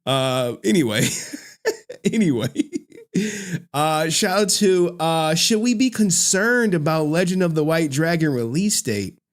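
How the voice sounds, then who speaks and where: Man, live-stream host, casual rambling talk, frequent laughs, slightly high voice. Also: lively intonation, unhurried, few pauses. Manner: rambling, laughing often, searching for words. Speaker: livestream host.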